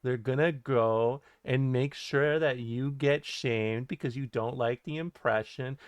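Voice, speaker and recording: A man doing an impression of a calm narrator who delivers horrific warnings slowly and matter-of-factly, in a smooth voice. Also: mid-range voice, no room sound, lightly acted. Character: impression of a calm, soft-spoken male narrator giving grim warnings.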